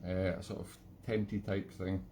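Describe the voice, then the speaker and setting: A Scottish man, an accordion player hosting a live online gig from his flat, chatting between tunes in a rambling, self-mocking, jokey way. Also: deep voice, moderate pace, a little hiss or hum. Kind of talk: casual chat between tunes.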